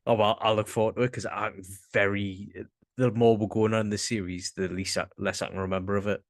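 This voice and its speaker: A laid-back Northern English man co-hosting a casual podcast, with a low voice. He often hesitates and trails off, and his voice sounds close and dry. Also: level tone, brisk, dry recording. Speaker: podcast co-host. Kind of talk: casual chat.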